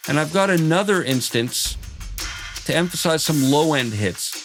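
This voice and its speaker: A man calmly explaining how he builds a cinematic cue in music production software, in a tutorial voice-over. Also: on the high side, moderate pace. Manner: calm, explanatory, technical. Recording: voice over loud background music.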